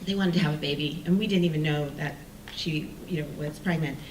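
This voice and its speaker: A woman telling a personal story on stage, animated and self-mocking, acting out the people she quotes. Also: low voice, brisk, a little hiss or hum. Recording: roomy sound from a distant mic with faint ambience.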